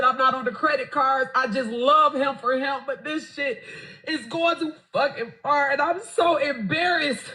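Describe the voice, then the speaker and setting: A woman in a played video clip speaks in a very high, bright voice. She sounds upset and exasperated, swearing as she vents. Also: rough recording. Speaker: wife in a viral video. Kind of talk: emotional confession to camera.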